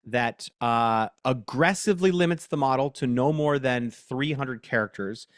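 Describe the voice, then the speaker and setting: The host of a casual live workshop, a man with a medium-pitched voice, speaks at a measured pace in a chatty, self-deprecating way, dictating prompts aloud. The audio is dry and close, with little room reverb.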